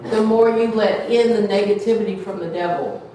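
A woman's voice: medium pitch, a little fast, mellow. A woman with a drawl preaches to a small church in a chatty, folksy way and slips into playful voices when she quotes gossip. She is heard from some distance, and the room rings with heavy echo over a faint hum of ambience. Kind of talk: sermon.

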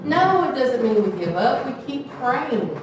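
Her voice sits high and sing-song as she preaches, unhurried and drawling, to a small church in a chatty, folksy sermon. When she quotes gossip she slips into playful voices. The mic catches her from some distance, with heavy room echo over a faint hum.

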